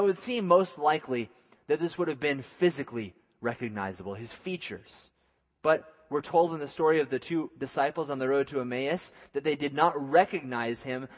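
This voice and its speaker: A man's voice: mid-range voice, big-room sound. A man preaching a sermon, reading scripture and working through numbered points with casual, joking asides. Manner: conversational preaching with jokey asides. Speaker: pastor.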